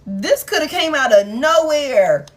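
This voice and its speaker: A woman's voice: sits high, expressive, unhurried, faint music behind. A woman tarot reader, chatting casually to viewers, laughing often and swearing as she acts out the people in her reading. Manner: laughing, profane, playfully acts out quoted people.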